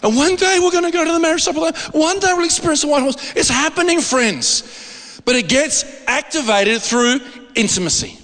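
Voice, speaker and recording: A man preaching a sermon, telling a story with lots of laughter and excitement. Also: very high-pitched, normal speed, in a large hall.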